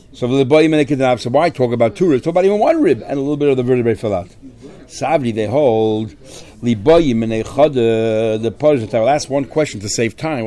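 Mellow-voiced man teaching Talmud. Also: medium pitch. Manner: explains step by step, weaving in Aramaic and Hebrew terms. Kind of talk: Talmud study lecture.

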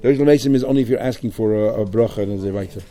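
A man leads a Talmud class at a brisk clip. He reads each phrase in the original, then talks it through in English. His voice has a dark, mellow tone. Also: on the low side. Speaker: Talmud teacher. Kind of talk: Talmud class, reading Aramaic and translating.

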